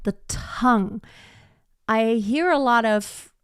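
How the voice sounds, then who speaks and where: A woman vocal coach teaches a live online singing lesson, chatting loosely and rambling with many "like" and "you know" fillers while demonstrating sounds with her own voice. Her voice is a little high, slow-paced, clear and resonant, in studio-quality audio with no echo.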